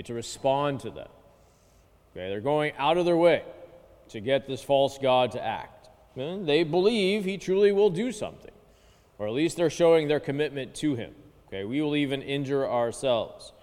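A man's voice: a little high, very animated, moderate pace, a little mellow. Man preaching in a reverberant hall. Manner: conversational, frequent "okay" and "right". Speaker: pastor. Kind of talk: sermon.

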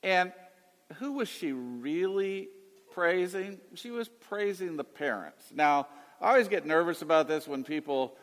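A man's voice: on the high side, animated, measured pace, big-room sound. A man in his late fifties, a radio Bible teacher answering callers in a folksy, rambling way with restarts. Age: 50s. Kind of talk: call-in radio chat.

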